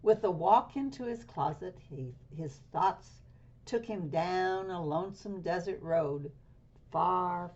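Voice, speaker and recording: A woman reads a picture book aloud to children, expressive and unhurried. Her voice is soft and breathy at a slow pace. The recording sounds dull and lo-fi. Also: lowish voice. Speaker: storybook reader.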